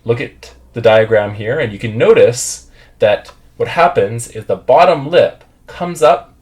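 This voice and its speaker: A man's voice: medium pitch, expressive, measured pace, darkish tone. A man teaching English pronunciation, patiently drilling words and having learners repeat after him.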